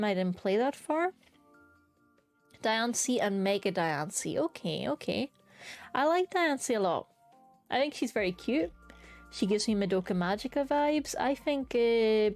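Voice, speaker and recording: Streaming from home with hiccups, a young woman ranks creatures in a laid-back, enthusiastic chat peppered with casual swearing. Her voice sits in the mid range and sounds a little mellow.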